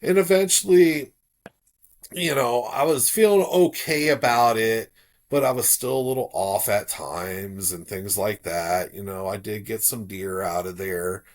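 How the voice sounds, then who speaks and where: A man's voice: fairly low pitch, unhurried. Man telling his story casually. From South Florida. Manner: relaxed, animated when quoting others. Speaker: podcast guest.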